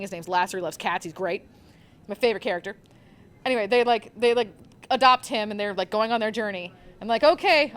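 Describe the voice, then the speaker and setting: A young woman recommending manga on a live convention panel, gushing and rambling with lots of fillers. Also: mid-range voice.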